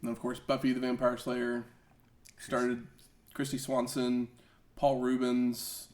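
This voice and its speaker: A man's voice: medium pitch, monotone, slow, darkish tone. A man co-hosting a podcast in casual chat, chiming in with short, agreeable remarks. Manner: brief, agreeable interjections. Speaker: podcast co-host.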